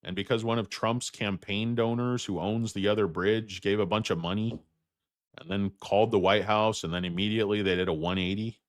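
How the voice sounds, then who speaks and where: A man hosting a stock market livestream, ranting bluntly and profanely while answering chat, with loud outbursts and low muttered asides. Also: steady tone, brisk, no room sound, clean studio sound.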